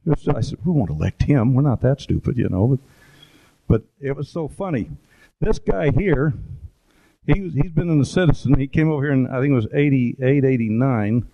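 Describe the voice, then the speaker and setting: A man's voice: medium pitch, brisk, vocal fry. A middle-aged man giving an informal talk with photos, rambling through anecdotes with fillers and asides. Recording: dull lo-fi recording.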